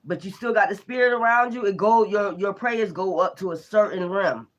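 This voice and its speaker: An animated tarot reader works through a spiritual reading loosely and casually, full of profane slang and frequent bursts of laughter, staying lively and unfiltered. The voice is mid-range at a moderate pace, and the recording sounds muffled.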